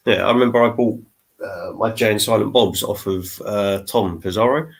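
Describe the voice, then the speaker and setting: A man on a casual toy livestream, telling a collecting anecdote in a quick, chatty way. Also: fairly low pitch. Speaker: toy show co-host.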